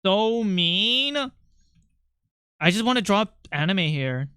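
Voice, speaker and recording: An art streamer chatting casually while drawing, joking around, quickly apologizing and running down their own skills. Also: medium pitch, lively intonation, pushed and bright, clear, resonant tone, no room sound, clean studio sound. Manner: self-deprecating.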